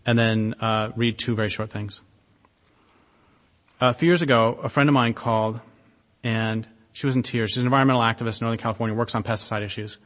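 A man giving an impassioned public talk, blunt and sardonic, with emphatic stresses and long pauses. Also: mid-range voice, steady tone, fairly bright tone. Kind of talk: impassioned lecture to an audience. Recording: long reverb of a hall.

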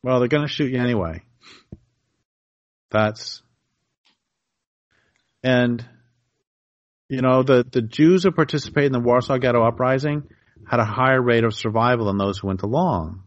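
An earnest man talking as an interview guest, walking the listener through hypothetical scenes to make his point. His voice sits at an ordinary middle pitch. The sound is a little dull and lo-fi. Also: moderate pace, pauses often, dry recording. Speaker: author and guest. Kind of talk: conversational interview.

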